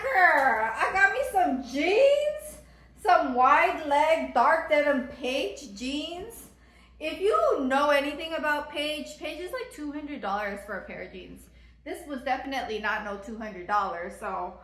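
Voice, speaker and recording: Bubbly and chatty, a lifestyle vlogger in her thirties talks casually and gushes with exclamations. Her voice sits high with a fairly bright tone.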